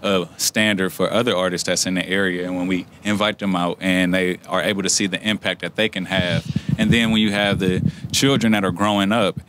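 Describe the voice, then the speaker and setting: A man musician speaking in a measured, earnest way during an interview. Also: low voice, a bit bright, slight background noise. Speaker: musician guest. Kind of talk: casual interview chat.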